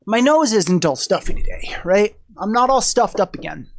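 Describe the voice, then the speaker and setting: A man's voice: high-pitched, expressive, moderate pace, slight background noise. A sick, weak man talking in a casual vlog from indoors, out of breath, sighing and swearing as he rambles. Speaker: streamer vlogging about being sick. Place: indoors at someone else's house.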